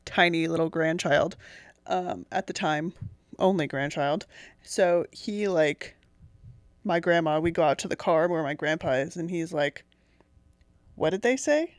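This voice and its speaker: A woman's voice: lowish voice, no room sound, studio quality. A young woman podcast co-host telling a long personal story in casual chat, chatty and giggly.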